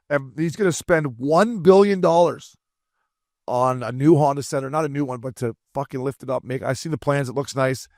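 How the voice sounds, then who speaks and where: A man co-hosting a casual hockey podcast as a former player, swearing freely and breaking into animated impressions. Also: fairly high pitch, dry recording, studio quality.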